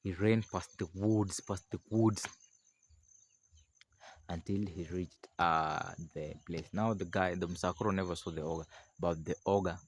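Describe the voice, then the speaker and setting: A man telling a village folk tale outdoors in a rambling, animated, casual way, acting out the figures himself. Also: low voice, unhurried, a little hiss or hum. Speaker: storyteller. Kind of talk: casual oral storytelling.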